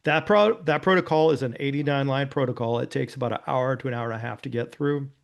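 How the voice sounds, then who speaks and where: Speaking fast in a creaky, mid-range voice, a former police officer who founded a nonprofit guests on an interview. His personal story comes across earnest and casual, with frequent "you know" and "right?" thrown in.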